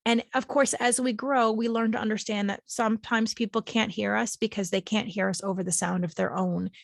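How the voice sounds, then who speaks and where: A woman hosting a podcast, talking gently and with emotion about her own healing, sometimes slowing to soothing, drawn-out phrases. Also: medium pitch, steady tone, vocal fry, dry recording. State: emotional, near tears. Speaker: podcast host. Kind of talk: reflective personal talk on healing.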